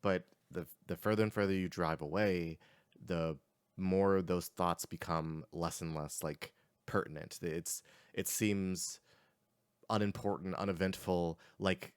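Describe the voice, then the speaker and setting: A man narrating a tabletop game as game master, halting, with many fillers and restarts. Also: low voice, fairly even intonation, clear, resonant tone, no room sound, studio quality.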